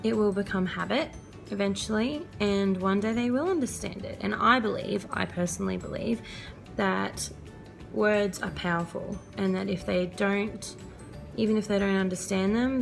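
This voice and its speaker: Earnest young mum with gravelly edge. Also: female voice, medium pitch. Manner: chatty, earnest, laughs often. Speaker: vlogger and mother. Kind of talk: casual parenting advice vlog.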